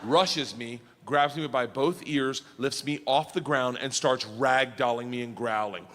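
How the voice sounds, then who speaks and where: A male stand-up comedian telling a story loudly and animatedly, laughing and breaking into high shouts. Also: measured pace. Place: comedy stage.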